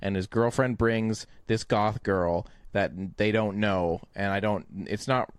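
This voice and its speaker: A man's voice: on the low side, takes it slowly, clear, resonant tone, no echo. A man from Canada co-hosting a movie podcast, telling stories with lots of swearing and laughter. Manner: profane, laughing, animated storytelling. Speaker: podcast co-host reviewing movies. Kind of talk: casual chat.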